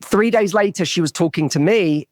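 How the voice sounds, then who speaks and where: Earnest man with a higher voice, dry sound. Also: normal speed, no room sound. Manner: earnest, restarts and repeats words while telling a story. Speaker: relationship coach, podcast guest. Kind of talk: storytelling in a podcast interview.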